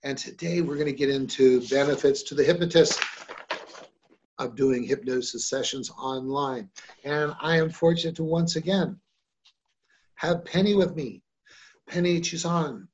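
Upbeat guy hosting a podcast, kinda high voice, chatty, a bit muffled. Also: a little slow, long pauses, darkish tone, slight background noise. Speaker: host and hypnosis trainer. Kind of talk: casual podcast chat.

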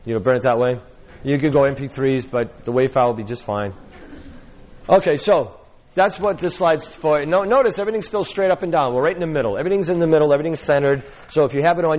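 A man teaching a workshop, an animated storyteller who acts out quotes and laughs often. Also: medium pitch, highs cut off. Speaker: hypnotherapy trainer.

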